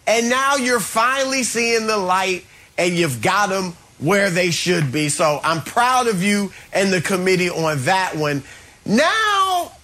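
A man with a high, bright voice argues on a studio sports panel. His delivery swoops widely as he gloats and teases. He leans hard on dramatic emphasis.

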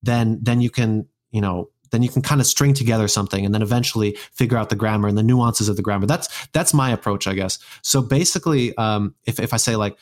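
In a casual conversation, an American man guest speaks quickly with few pauses in a lowish voice. He rambles along, constantly restarting and using fillers.

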